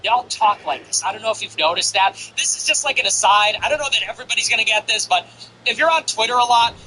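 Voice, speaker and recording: Bright-voiced blunt male commentator. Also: high voice, expressive, fast talker, slight background noise, rough recording. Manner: blunt, profane, mocking. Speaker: political commentator. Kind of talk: casual political commentary.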